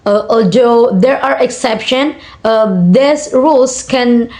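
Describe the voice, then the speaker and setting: A young woman reads out a class assignment, moving at an unhurried, halting pace. Her voice sits a little on the high side. She pauses often on fillers and says example words more than once. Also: darkish tone. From Indonesia. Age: young adult. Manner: hesitant, frequent fillers and repeated example words. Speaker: university student. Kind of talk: reading a class assignment on word stress.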